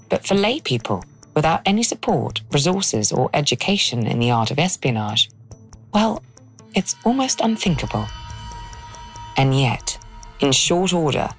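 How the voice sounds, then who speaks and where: Grave low-voiced woman narrating. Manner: measured, grave. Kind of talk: scripted documentary narration.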